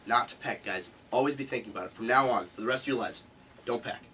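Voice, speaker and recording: A man's voice: medium pitch, fast talker, sharp tone, far from the mic, slight background noise. Emphatic man teaching a seminar. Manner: emphatic, repeats key points. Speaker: seminar instructor. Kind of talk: live seminar talk.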